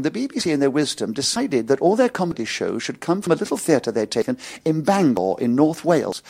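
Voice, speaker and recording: An older man with an English upper-class accent and a slight stutter, telling anecdotes in a lively, amused way. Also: medium pitch, husky. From England. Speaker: interviewee. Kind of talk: anecdotal storytelling.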